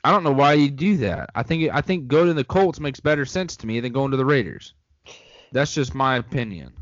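On a muffled, dry recording, a young man co-hosting a casual sports show offers his takes with a laid-back, jokey, rambling manner. His medium-pitched voice is expressive and a little quick.

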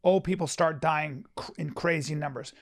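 Man, high voice, casual chat, emphatic, profane, restarts a lot. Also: fairly even intonation, moderate pace, vocal fry. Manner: emphatic, profane, frequent restarts, acts out quotes.

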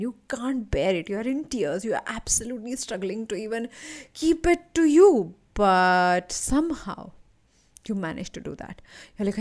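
A woman, a coach hosting a podcast, telling an animated motivational story and calling the listener her friend. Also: mid-range voice. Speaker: leadership and anti-anxiety coach, podcast host.

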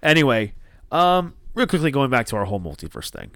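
A man's voice: mid-range voice, sing-song, a little fast, fairly bright tone, no echo, clean studio sound. A man, co-hosting a podcast and telling a rambling, profane story full of restarts. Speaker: podcast co-host.

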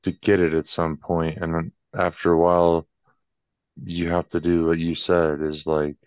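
A man's voice: low-pitched, completely flat delivery, moderate pace, a little mellow, no echo. A man, a podcast guest, talking reflectively and hesitantly, repeating words as he thinks. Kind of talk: casual reflective chat. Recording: dry, slightly dull lo-fi audio.

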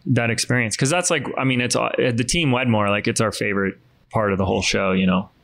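A man's voice: mid-range voice, fairly even intonation, fast talker, gravelly, a bit bright. A man hosting a podcast, informal and joking in casual conversation. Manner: joking, informal, swears lightly. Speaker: podcast host. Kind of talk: casual interview chat.

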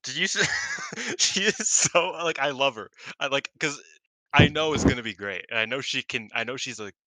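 Excitable man chatting, bright tense voice. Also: medium pitch, moderate pace, dry recording, rough recording. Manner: excitable, swears, acts out quotes. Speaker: podcast co-host. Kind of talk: casual wrestling review chat.

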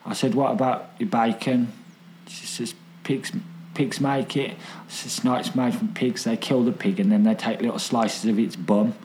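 A man's voice: mid-range voice, steady tone, normal speed, darkish tone, slight background noise. A man, telling stories in casual chat, repeating himself and swearing freely. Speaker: podcast guest.

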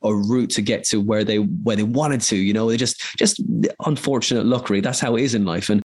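A man's voice: lowish voice, fairly even intonation, a little mellow. A man in his forties from Ireland, a voice actor telling long, rambling stories in a casual interview. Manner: rambling anecdotal storyteller, quick bursts.

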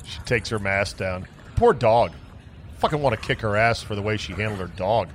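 A man's voice: lowish voice, animated, moderate pace, slight background noise. A man hosting a solo sports talk podcast, ranting bluntly with profanity and sarcasm.

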